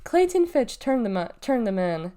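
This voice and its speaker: A woman reading a children's novel aloud in a lively, expressive storytelling manner. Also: a little high, moderate pace. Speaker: reader.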